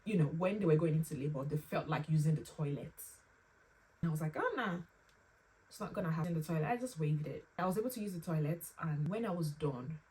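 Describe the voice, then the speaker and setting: A woman's voice: low voice, warm tone. Tearful woman telling a painful story. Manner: halting and tearful, with pauses and restarts. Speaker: vlogger sharing a personal story. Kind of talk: emotional personal storytelling. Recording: slightly distant mic with faint room ambience.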